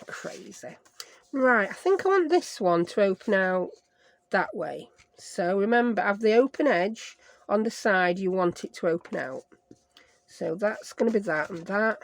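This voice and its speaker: There's no echo as a woman with a Sheffield accent narrates a craft project in an expressive, mid-range voice at normal speed. The craft vlogger keeps up a chatty, rambling craft-along, laughing at herself and making up playful words.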